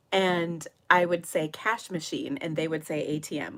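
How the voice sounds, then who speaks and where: A woman's voice: low voice, moderate pace. A middle-aged woman, hosting a casual live stream and chatting with viewers in a giggly, rambling way. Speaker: livestream host of a papercraft show. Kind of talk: casual live chat reading viewer comments.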